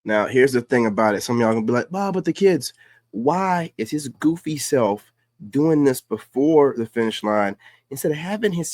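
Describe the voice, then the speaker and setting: A man's voice: medium pitch, a little mellow, dry recording. A man hosting a casual livestream, reacting to clips in loose, emphatic street talk. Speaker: livestream host.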